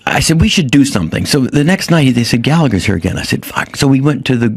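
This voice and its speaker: A middle-aged man, a comedian guest, telling a story in an animated, halting way with many restarts. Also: mid-range voice, breathy edge. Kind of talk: casual storytelling.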